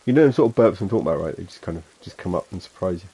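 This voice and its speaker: Low, mellow Suffolk man streaming. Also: lively intonation, racing, breathy edge, lo-fi sound. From England. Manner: rambling, self-mocking, chuckles to himself. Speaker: game streamer. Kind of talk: casual gameplay chat.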